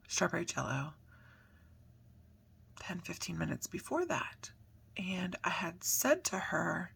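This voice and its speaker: A woman's voice: on the low side, slow pace, vocal fry, pauses often, a bit bright, husky. A woman in her thirties, a mother telling a personal story in a chatty, earnest vlog, with many fillers. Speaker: mother documenting a diet change.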